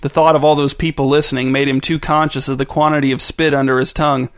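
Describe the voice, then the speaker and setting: A man's voice: medium pitch, level tone, fast talker. A man reading a story aloud as narrator in a dry, wry manner.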